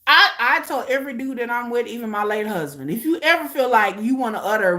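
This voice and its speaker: A woman reacting on a casual watch-along, with a high, bright voice that swoops up and down. She is blunt and profane and hammers her points home by repeating short phrases. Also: fast, few pauses. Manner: animated, repeats phrases for punch. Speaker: host of a live watch-along.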